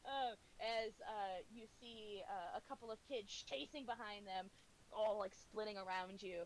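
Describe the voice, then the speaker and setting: A woman's voice: mid-range voice, moderate pace, slight background noise, low-quality recording. A woman narrating a tabletop game as game master, hesitant and giggly with many fillers.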